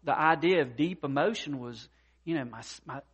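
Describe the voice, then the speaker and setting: A man preaching with a slightly raised, lively pitch. He talks in a folksy way with plenty of fillers and repeats. His sermon swings between quiet asides and loud bursts. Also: normal speed, husky. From mountain region. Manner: expressive, swings from soft to loud, acts out worried voices. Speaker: pastor.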